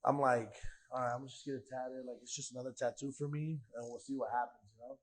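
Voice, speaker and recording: A man in the guest chair spins a story in loose, casual talk, slipping into the voices of the people he quotes. He swears freely and leans hard on fillers. His pitch sits at an ordinary middle height. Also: fast, poor audio. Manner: animated, acts out quoted dialogue, swears freely, heavy filler "like". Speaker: podcast guest.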